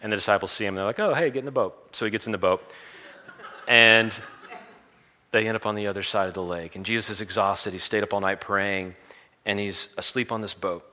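A man delivering a sermon in a low, forceful voice. He retells a story with animated energy, swinging between quiet asides and loud chanted crowd lines. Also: brisk. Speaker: preacher.

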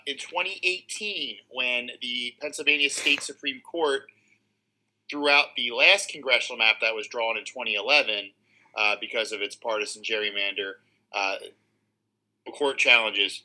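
Bright-voiced man explaining politics. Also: mid-range voice, poor audio. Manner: explanatory, detail-heavy with fillers. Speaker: guest, local political organizer. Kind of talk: casual interview chat.

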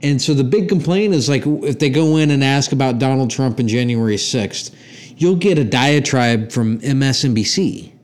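A man in casual podcast talk, mid-pitched and conversational. He rambles through his opinions, swearing freely and restarting sentences as he goes. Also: normal speed, darkish tone. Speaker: podcast co-host. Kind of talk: casual chat.

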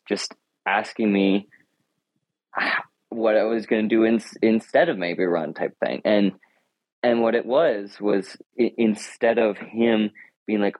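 A man's voice: lowish voice, fairly even intonation, slow pace, dry recording, muffled recording. A teenage boy answering interview questions in a thoughtful, earnest way, often restarting his sentences. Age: teens. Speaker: high school runner and guest.

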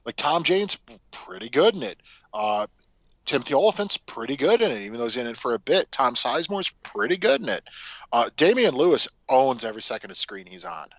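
A man's voice: mid-range voice, big pitch swings, a little fast, a bit bright, no echo, muffled recording. A man co-hosting a casual film podcast, talking animatedly and swearing freely. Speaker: podcast co-host.

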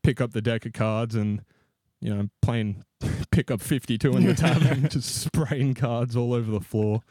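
A man's voice: mid-range voice, a little slow, dark tone, no echo, clean studio sound. A young man co-hosting a podcast, telling a long self-mocking story in a rambling way and laughing as he goes. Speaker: podcast co-host. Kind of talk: casual storytelling.

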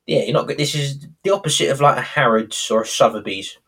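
A man's voice: medium pitch, fast, a bit bright, husky. A man chatting casually as podcast co-host, retelling a sitcom episode and acting out the characters' lines.

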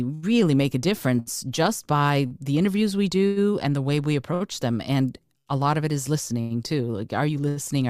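A low-pitched woman speaking as a podcast guest, her voice earnest and fighting back tears. She restarts and repeats herself as emotion catches her. The sound is dry and close. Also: a little mellow, dry recording. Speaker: podcast host and coach, guest. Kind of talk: casual interview talk.

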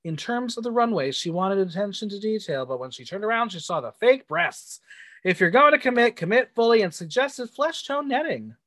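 A man with a high, sing-song voice co-hosts a casual podcast, recapping a drag show and sassily reading out the judges' critiques. He speaks briskly in a pushed, bright tone, with no echo on the recording.

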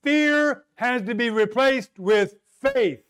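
A man delivers a sermon at an unhurried pace, his voice pitched very high yet smooth and resonant. He leans on rhetorical questions and long pauses, sometimes dropping to a softer, more intimate tone. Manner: slow, emphatic preaching with dramatic pauses and rhetorical questions. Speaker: preacher.

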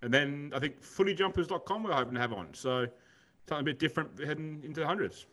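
A man's voice: fairly high pitch, lively intonation, fast, a bit bright. A man hosting a casual podcast, rambling and saying "mate" a lot. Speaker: podcast host.

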